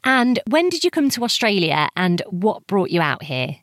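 A woman's voice: medium pitch, very animated, moderate pace, no room sound, studio quality. A woman interviewing a guest, asking friendly, curious questions and laughing along.

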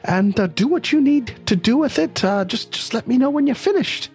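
A man voicing a nervous, winded male merchant who is running for office. He speaks in a high, stammering rush. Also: animated, normal speed, a little mellow, faint music behind. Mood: eager. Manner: high-pitched, stammering, breathless.

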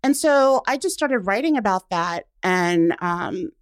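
A woman being interviewed, telling her story in an animated, laughing way and acting out what people said to her. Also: medium pitch, unhurried, smooth, no room sound, studio quality. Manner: animated, laughs often, acts out quotes. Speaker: guest. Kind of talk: casual interview chat.

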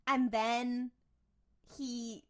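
A woman's voice: a little high, little pitch movement, drawn-out words. A woman co-hosting a podcast, talking animatedly, swearing a lot and laughing often. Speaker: podcast co-host. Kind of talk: casual chat.

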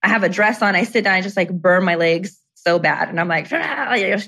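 A woman's voice: fairly low pitch, fairly even intonation, brisk, sharp tone. Chatty middle-aged woman telling stories. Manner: chatty, peppered with "like" and "you know, right?". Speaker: guest. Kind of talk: casual conversational storytelling.

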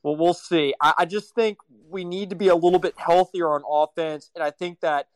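A man's voice: on the high side, fairly even intonation, normal speed, no room sound. A man on a sports chat panel, giving his opinions with stammered restarts and a worried tone.

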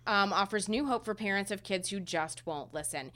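A woman in her thirties co-hosting a parenting podcast, talking in a halting, emotional way with many fillers, close to tears. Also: medium pitch, bright, forceful tone. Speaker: podcast co-host. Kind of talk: casual podcast chat.

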